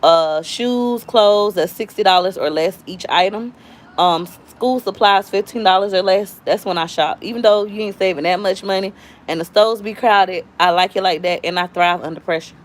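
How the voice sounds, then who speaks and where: A woman's voice: medium pitch, moderate pace. A woman, chatting casually with viewers at home with her family, slangy and rambling, a little out of breath. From Florida, US. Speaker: YouTube cooking vlogger.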